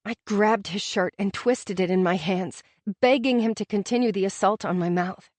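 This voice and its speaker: Woman narrator, mid-pitched voice, intimate expressive romance reading, dry studio sound. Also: normal speed, no echo. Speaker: audiobook narrator. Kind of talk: first-person romance audiobook narration.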